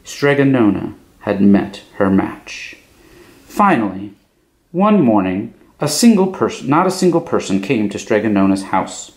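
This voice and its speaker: A man reading a children's picture book aloud as a clown storyteller, in an expressive manner. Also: lowish voice, a little slow. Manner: expressive, animated.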